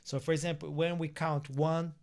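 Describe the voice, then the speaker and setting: A young Brazilian man chatting on a podcast in English, his second language. His voice sits a little high and he tells stories with energy, often breaking into laughter and imitating other people. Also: moderate pace. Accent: Brazilian Portuguese. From South Brazil. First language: Portuguese. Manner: animated storyteller, laughs often, acts out voices. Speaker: guest. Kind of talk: casual podcast chat.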